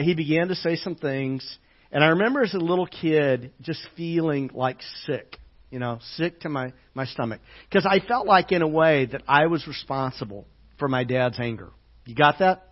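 A male pastor preaching a sermon in a fairly high voice, halting and full of fillers. He often sinks to a hushed, slow delivery on tender lines. The church recording sounds dull and lo-fi.

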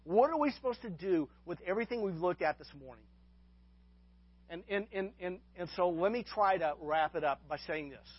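High-voiced pastor with stumbling restarts. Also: male voice, lively intonation, moderate pace, lo-fi sound. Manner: stumbling restarts and repeated words; folksy asides to the congregation. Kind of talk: sermon.

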